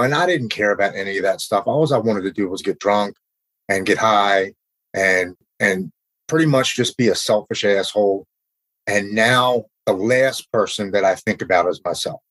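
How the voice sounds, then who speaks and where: A man, telling his recovery story in an earnest, halting way with many restarts. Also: lowish voice, fairly bright tone, slightly rough, dry recording, low-quality recording. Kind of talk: casual conversation.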